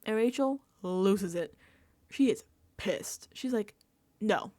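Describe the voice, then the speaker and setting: A woman giving a casual, emphatic reality-show recap and reaction, talking fast with lots of fillers. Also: medium pitch. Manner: animated, emphatic, filler-heavy chatter. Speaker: recap vlogger.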